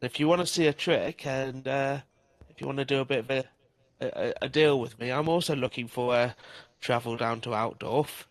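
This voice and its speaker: A man's voice: mid-range voice, normal speed, no room sound. A man taking part as a player in a tabletop game, talking in an easygoing, chatty way.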